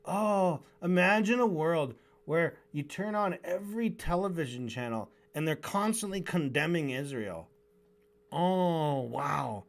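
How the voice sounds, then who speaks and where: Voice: mid-range voice, lively intonation, moderate pace, few pauses. A streamer reviewing a debate in a casual, sarcastic, rambling way, often restarting mid-sentence.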